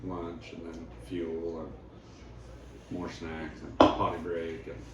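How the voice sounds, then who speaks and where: A man's voice: low voice, completely flat delivery, slow pace. A man telling stories and making plans in a profane, laughing casual chat with friends. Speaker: father chatting with friends. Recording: echoey room, far from mic, noisy.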